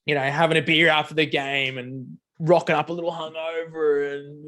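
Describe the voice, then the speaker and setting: A man's voice: a little high, steady tone, brisk, few pauses, a bit bright. A man co-hosting a casual podcast chat, rambling and sweary with lots of filler words. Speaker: podcast co-host. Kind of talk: casual chat over beers.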